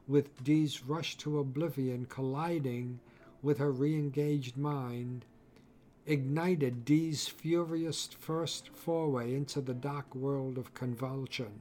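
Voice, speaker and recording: Male audiobook narrator, mid-pitched, unhurried and deliberate, over faint music. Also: fairly even intonation, mellow. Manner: measured, deliberate delivery.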